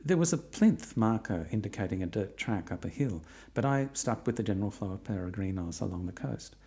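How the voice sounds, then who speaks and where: A man's voice: lowish voice, animated, brisk, dark tone. A middle-aged man narrating his own long walk in a reflective way with dry, wry humour. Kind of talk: personal travel narration.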